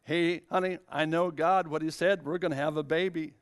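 A man acting out the elderly Abraham, excitedly telling his wife the news in an affectionate tone, within a sermon. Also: on the high side, moderate pace, clean tone, natural voice. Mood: eager.

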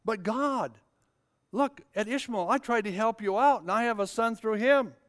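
A man acting out the elderly Abraham, excitedly telling his wife the news in an affectionate tone, within a sermon. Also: sits high, normal speed, voice pushed up. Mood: eager.

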